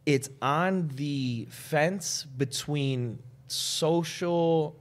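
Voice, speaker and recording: A young man from Chicago, a comedian guest on a podcast, telling a story in a loose, profane, animated way. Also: on the high side, drawn-out words. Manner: animated, profane, acts out voices in his stories.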